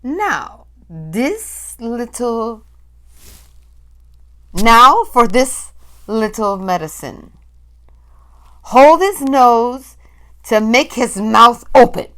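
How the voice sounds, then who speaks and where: Cruel witch queen, shrill, shrieking, bossy, storybook villain. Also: big pitch swings, extremely slow, long pauses, fairly bright tone, heavily acted. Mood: gloating. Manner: screeching, commanding, high-pitched. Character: shrieking, domineering evil female witch leader.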